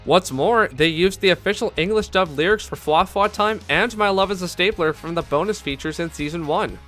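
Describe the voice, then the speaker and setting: A man's voice: high voice, brisk, fairly bright tone, faint music behind. A man giving scripted video-essay narration as an anime commentator, enthusiastic and candid with fan asides.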